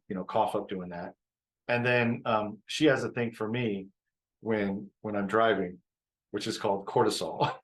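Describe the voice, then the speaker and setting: A relationship coach with a fairly low voice gives a relaxed live-stream talk about relationships. Reflective and quick to laugh, he often repeats his phrases as he explains, and the recording is low quality.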